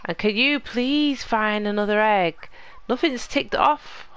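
A woman narrates her game in a relaxed, unhurried way, talking straight to the little characters on screen. Her voice has a gravelly fry to it but stays smooth and resonant. She sits at medium pitch. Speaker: gaming channel host. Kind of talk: casual let's play commentary.

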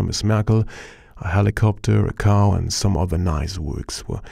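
A man with a German accent presenting a software tutorial in a steady, explanatory way, narrating over a screen recording. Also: on the low side, vocal fry, no echo, clean studio sound.

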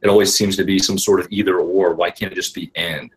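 A lower-voiced man chats on a podcast. He keeps restarting his sentences and leaning on fillers, speaking in a relaxed, halting way. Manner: halting, many restarts and "you know". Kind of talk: casual podcast chat.

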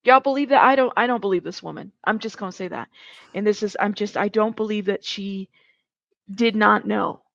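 A woman's voice: mid-range voice, a little fast, creaky, a bit bright, no room sound, lo-fi sound. A woman co-hosting a live stream, bluntly saying she doesn't believe what she hears. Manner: blunt, incredulous. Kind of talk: casual live-stream commentary.

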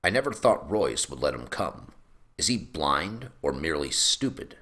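A man's voice: a bass voice, sing-song, moderate pace, pushed and bright, pitched above the performer's own voice, exaggerated voice. A man voicing a fat lord who speaks in a doubtful, grudging way.

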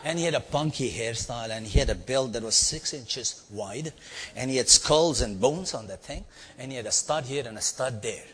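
Animated Indian man storytelling in a hall. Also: medium pitch, normal speed, husky. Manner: animated, playful, asks the audience questions, acts out sounds. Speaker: storytelling speaker on leadership. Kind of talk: live storytelling talk to an audience. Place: large hall before a live audience. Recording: long hall reverb.

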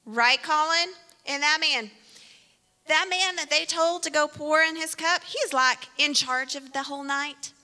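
A woman's voice: high-pitched, measured pace, sharp tone, big-room sound. A woman giving a playful children's sermon with an object lesson, speaking directly to kids by name in a church sanctuary.

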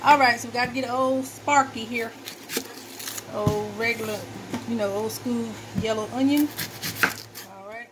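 Chatty woman over loud kitchen chopping. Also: on the high side, fairly even intonation, unhurried, long pauses, very noisy. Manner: chatty, addresses viewers as y'all, folksy. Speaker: cooking vlogger. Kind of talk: casual cooking demo talk. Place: home kitchen.

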